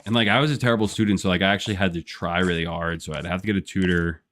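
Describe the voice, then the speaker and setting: This young gaming streamer has a deep, steady, slightly bright voice, yet he races along. He chats casually during live gameplay, rambling in a laid-back way with many "like" fillers and frequent laughs.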